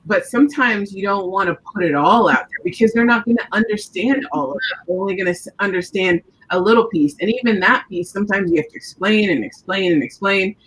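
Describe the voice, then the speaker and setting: Woman panelist, husky and mid-pitched, earnest and reflective, video-call sound. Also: a little fast, few pauses, fairly bright tone, rough recording. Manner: earnest, reflective, laughs while talking. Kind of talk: casual panel discussion.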